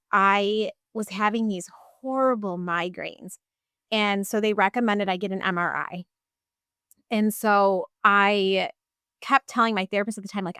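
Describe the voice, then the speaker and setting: A woman's voice: mid-range voice, fairly bright tone, clear, resonant tone, dry recording, studio quality. A woman in her thirties, a podcast guest telling her personal story in a casual, chatty way full of fillers.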